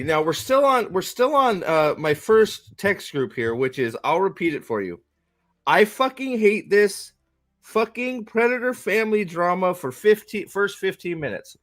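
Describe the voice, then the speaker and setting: A man's voice: fairly high pitch, a bit bright. A man giving a casual, profane movie rant, rambling and stammering as he goes. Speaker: movie reviewer.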